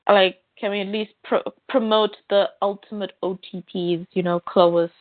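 A woman's voice: mid-range voice, steady tone, normal speed, no echo. A chatty woman talks casually about comics, often acting out her own reactions. Her mid-range voice comes through a thin phone-like line that sounds dry and close. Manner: chatty, quotes herself with "I'm like". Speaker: podcast co-host.

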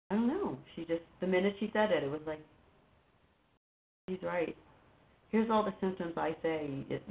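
Low, gravelly woman guest, halting and rambling, heard over a tinny phone line. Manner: halting, rambling, with many fillers and restarts. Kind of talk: casual personal conversation. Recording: phone-like line with faint noise.

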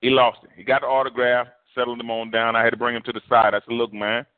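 A man's voice: medium pitch, fast talker, no echo. Man, preacher, storytelling sermon, conversational, tinny phone-like sound, dry. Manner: conversational, animated storytelling with acted quotes.

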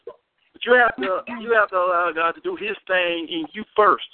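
A man's voice: high-pitched, fairly even intonation, normal speed. Earnest man on a tinny phone line. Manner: earnest, repeats himself while searching for words. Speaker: guest speaker. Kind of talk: casual faith-based chat.

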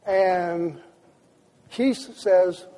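A man's voice: sits high, drawn-out words, mellow, long reverb tail. A man telling a vivid story to an audience, often stopping and restarting his sentences. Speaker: speaker. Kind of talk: storytelling lecture.

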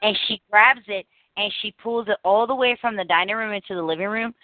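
A woman hosts a podcast and chats casually, telling her stories with animated energy. Her voice comes through a narrow, phone-like line. The sound is dry, with no room echo. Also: mid-range voice, fairly quick. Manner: chatty, animated storytelling with laughs. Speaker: podcast host. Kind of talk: casual chat.

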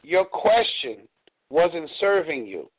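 A man's voice: fairly high pitch, sing-song, slow pace, slightly rough. A man in a coaching call, explaining earnestly and drawing on examples. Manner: earnest, explanatory, uses y'all. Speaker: dating coach. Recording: tinny phone line.

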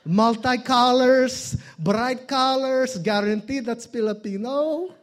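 A man's voice: very high voice, slow. A man preaching a sermon as a guest pastor, in a loose, joking style full of fillers and restarts.

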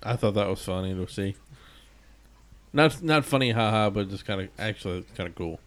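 A man's voice: on the low side, expressive, brisk, a bit bright. A man co-hosting a comedy podcast, casually chiming in to correct and add plot details. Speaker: podcast co-host. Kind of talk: casual banter.

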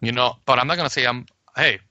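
Casting: bright, sharp-toned man, podcast co-host, animated, swears freely, dull lo-fi mic. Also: mid-range voice, fast, no room sound. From Puerto Rico. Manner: animated, swearing, acts out quoted arguments. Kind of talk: casual podcast chat.

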